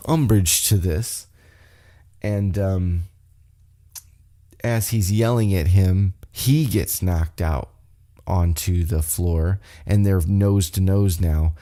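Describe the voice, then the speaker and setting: A man's voice: sits low, mellow. A man hosting a podcast, recapping a wrestling show in casual, rambling talk and acting out wrestlers' lines in a raised voice. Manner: rambling, loses track of notes, acts out wrestlers' lines in a raised voice. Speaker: podcast host.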